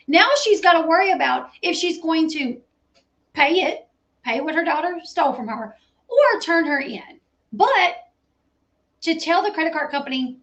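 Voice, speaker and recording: A woman host commenting on a reality show clip, animated and chatty, full of "like". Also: very high voice, brisk. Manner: animated, talks over clips with lots of "like".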